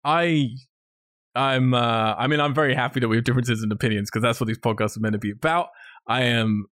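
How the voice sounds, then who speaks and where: A man's voice: mid-range voice, fairly even intonation, fairly quick, a bit bright, dry recording. Male podcast co-host, blunt and sweary, dry recording. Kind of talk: casual film review chat.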